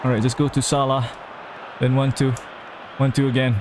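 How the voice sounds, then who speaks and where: A man's voice: medium pitch, level tone, normal speed, background noise. A young man giving gameplay commentary, talking himself through moves and groaning or cheering at each play. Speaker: gamer.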